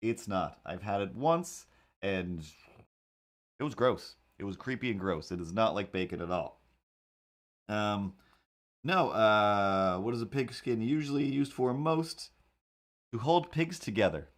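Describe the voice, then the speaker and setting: A man's voice: on the low side, expressive, a little slow, pauses often. A man chatting casually while he draws, rambling in a wry, incredulous way. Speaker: cartoonist streamer. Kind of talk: casual chat while drawing.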